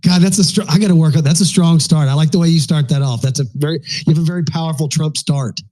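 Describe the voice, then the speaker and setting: A man in his fifties hosting a casual live audio chat, rambling and animated. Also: a little high, fast. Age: 50s. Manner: rambling, animated, frequent profanity. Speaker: host.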